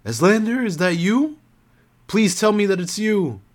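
A terrified queen, blind and begging for rescue, in a high, strained falsetto, as a man puts her on. Her cries sit far above his normal register. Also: very animated, unhurried, heavily acted. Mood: desperate. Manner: high, desperate pleading. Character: terrified blinded woman monarch crying for help.

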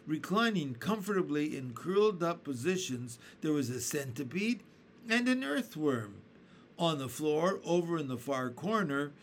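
Casting: male storybook reader, slow and very expressive, slightly high. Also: slight background noise. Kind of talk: reading a children's book aloud.

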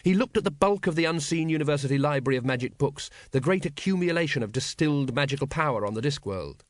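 A man narrating an audiobook in a measured, wry storytelling manner. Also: a little high, expressive, no room sound.

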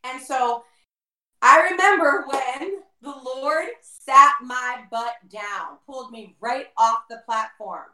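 Animated woman telling a testimony, roomy echo. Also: high-pitched, slow. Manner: animated, acts out quoted dialogue. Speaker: guest, former worship leader. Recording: roomy echo, mic far off.

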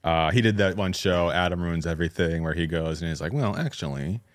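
A man's voice: low voice, flat delivery, a little fast, dry recording. A man hosting a casual podcast, telling stories in a dry, laid-back way. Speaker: podcast host. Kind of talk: casual chat.

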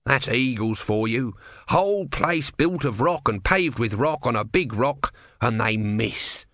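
A man's voice: medium pitch, expressive, a little slow, fairly bright tone, dry recording. A man voicing a sarcastic, impatient male god stuck in the shape of a tortoise, in an audiobook reading, with a dry close sound. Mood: grumpy, sarcastic.

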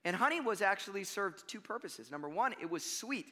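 A man preaching a sermon in a relaxed, conversational way, telling stories and laughing at himself. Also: high voice, a little fast, long reverb tail. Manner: conversational, storytelling with self-deprecating laughs. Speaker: pastor.

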